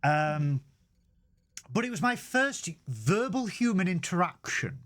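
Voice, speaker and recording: A man's voice: sits high, sing-song, slow pace, fairly bright tone. A young man, co-hosting a podcast in casual chat, rambling with stumbling restarts and comic asides. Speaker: podcast co-host.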